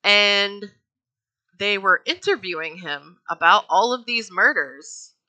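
A woman's voice: medium pitch, expressive, slow pace, pushed and bright. A woman casually telling a true crime story, chatty and profane with wry asides. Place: home.

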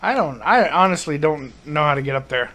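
A high-pitched man gives running commentary over his shooter game. He grumbles, swears and yelps in exasperated bursts as the match goes badly. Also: a little fast, sharp tone. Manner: frustrated, swearing, outbursts. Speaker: gaming commentator. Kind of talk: live gameplay commentary.

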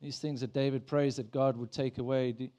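A man preaches from the front of a church in a chatty, everyday way. He stumbles and restarts often, then leans into prayers he speaks as if they were his own. His voice sits at an ordinary middle pitch for a man. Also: flat delivery, brisk, dark tone. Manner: conversational, with acted prayers and repeated restarts. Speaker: pastor. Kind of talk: sermon.

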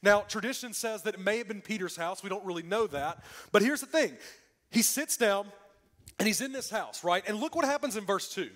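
A man preaching a sermon in a church, swinging from loud emphatic lines to hushed, quiet ones. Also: high voice, brisk. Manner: lively preaching with dramatic drops to a hush. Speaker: pastor. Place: church sanctuary.

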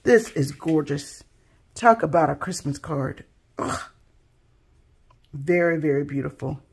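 A woman's voice: sits low, animated, measured pace, vocal fry, slightly rough. A woman hosting a craft channel, chatting casually and admiringly as she unboxes handmade gifts. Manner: soft-spoken, gushing, admiring.

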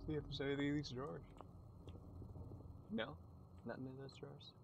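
A man's voice: mid-range voice, steady tone, a little fast, creaky, muffled recording. A man hosting a gaming channel, talking through a game in a casual let's-play commentary with crude, sarcastic jokes. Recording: noisy background.

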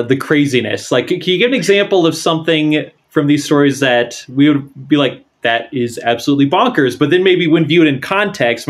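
A man hosting a video-call interview, asking questions hesitantly with frequent stammers. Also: a little high. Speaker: host.

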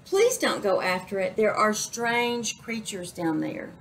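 A woman's voice: medium pitch, expressive, a little slow, a little hiss or hum, rough recording. A woman doing a worried little blue fish.

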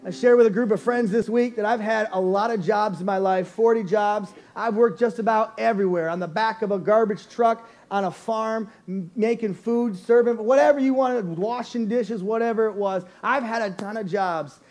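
A man preaching a storytelling sermon to a church congregation, animated and playful, often laughing as he goes. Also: sits high, normal speed, few pauses. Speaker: lead pastor. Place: church service before a congregation.

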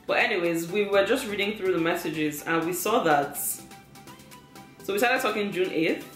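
A young woman vlogger chats casually with her partner, teasing, laughing and telling a story with lots of energy. Her voice is medium-pitched at a normal speed, in a roomy space with faint music in the background.

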